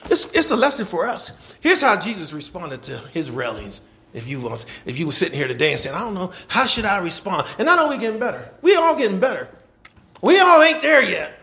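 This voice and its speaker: High-voiced gravelly preacher man. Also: moderate pace, long pauses. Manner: animated preaching, rhetorical questions, call and response; folksy dialect, laughs between points. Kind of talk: sermon.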